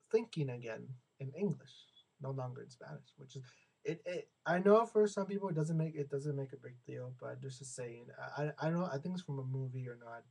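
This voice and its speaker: A young man from the States talks through a loose, rambling vlog rant. His voice is gravelly and mellow, with plenty of fry. He keeps repeating and restarting words and acts out the people he quotes. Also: medium pitch, low-quality recording. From United States. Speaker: vlogger. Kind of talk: casual venting monologue.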